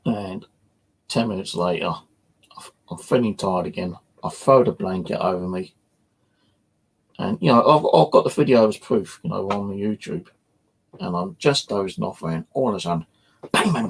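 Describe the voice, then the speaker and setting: A deep-voiced, gravelly man from England rambles through a casual first-person story, heavy with "you know" fillers and swearing. He works as a paranormal investigator and channel host.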